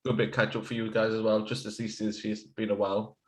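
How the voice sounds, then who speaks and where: A man's voice: fairly low pitch, flat delivery, fast talker. Laughing man, echoey room. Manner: laughing, rambling, swearing banter. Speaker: podcast co-host. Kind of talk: casual chat over beers.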